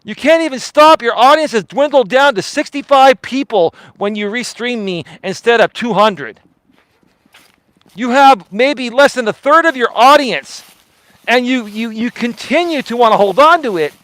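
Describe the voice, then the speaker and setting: A man with a high voice rants on his live stream, swearing and hammering the same point over and over. He projects hard for emphasis, and the sound is close and dry. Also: animated, normal speed, fairly bright tone, dry recording, poor audio. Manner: confrontational, profane, emphatic and repetitive. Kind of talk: heated live stream rant.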